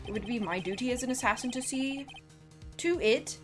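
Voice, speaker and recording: A courteous, coolly threatening male assassin speaks in a put-on British accent, as a woman reads him aloud. His manner stays formal and soft-spoken, in a fairly high voice. Faint music plays underneath. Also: moderate pace, natural voice. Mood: polite menace. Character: polite, menacing male assassin. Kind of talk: reading game dialogue aloud.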